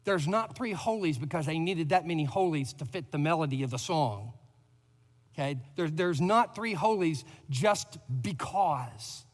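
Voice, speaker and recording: A man's voice: on the high side, animated, a little slow, in a large hall. A man preaching a sermon as pastor, building emphasis and lifting his voice on repeated words. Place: church sanctuary.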